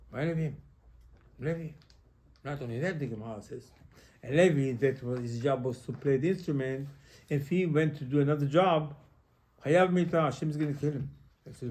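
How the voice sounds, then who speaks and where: A man, a rabbi, giving an animated Torah lesson in halting English with many repetitions. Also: medium pitch. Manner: animated, repetitive, non-native English phrasing.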